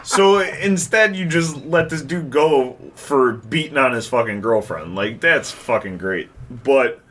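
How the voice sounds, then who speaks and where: Bright-voiced blunt storytelling man. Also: medium pitch, lively intonation, measured pace, slight background noise. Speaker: podcast co-host. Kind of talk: casual storytelling chat.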